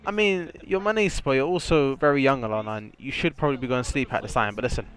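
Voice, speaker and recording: A man's voice: mid-range voice, quick pace. A young English man streaming live, talking casually and rambling with lots of fillers as he chats with viewers. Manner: rambling, chatty, full of fillers. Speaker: streamer and competitive gamer.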